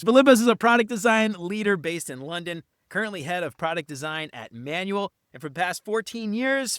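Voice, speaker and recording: A podcast host with a high-pitched, slightly bright voice sounds enthusiastic and upbeat, using casual slang in interview chat and a show promo. The recording is dry and studio quality.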